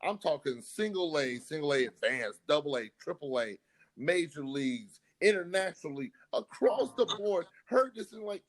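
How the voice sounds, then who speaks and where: Animated male co-host, heated rant, wide-ranging somewhat high voice. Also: normal speed, low-quality recording. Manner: animated ranting, exasperated, repeats words. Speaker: podcast co-host. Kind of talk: heated casual sports chat.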